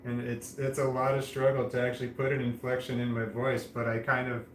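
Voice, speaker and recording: A man vlogging casually to camera, speaking in a flat, droning monotone with a slight lisp on his S sounds and frequent restarts. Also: mid-range voice, a little fast, reverberant, slight background noise, low-quality recording.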